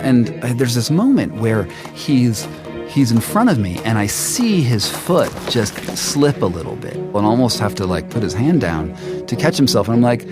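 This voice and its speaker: Halting man telling his story. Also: fairly low pitch. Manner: halting, many restarts, animated retelling. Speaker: journalist, storyteller. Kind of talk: first-person storytelling interview. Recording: music underneath.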